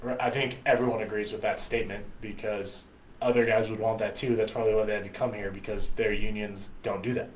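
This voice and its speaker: A man's voice: fairly low pitch, steady tone, brisk, reverberant, slight background noise, rough recording. Blunt, profane American man ranting. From United States. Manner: blunt, profane, rambling rant. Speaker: podcast host. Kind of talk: casual opinionated monologue.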